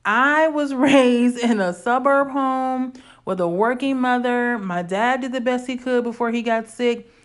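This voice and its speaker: A woman's voice: a little high, unhurried. A woman in her forties from Illinois, telling a personal story in a candid, conversational way with casual slang.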